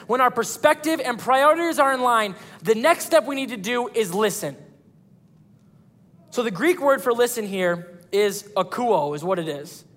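A man preaching a sermon as pastor of a church, animated, acting out quoted voices. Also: extremely high pitch, normal speed, big-room sound.

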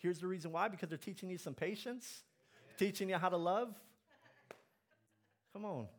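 A male pastor preaching a sermon in church, animated, swinging between loud exhortation and quiet, earnest asides. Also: high-pitched, moderate pace.

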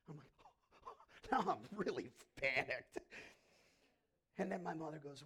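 A male pastor preaching in a lively, conversational way, telling stories and acting out the quotes. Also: a little high, a little slow, long pauses. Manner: animated, conversational, acts out quotes. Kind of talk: sermon with storytelling.

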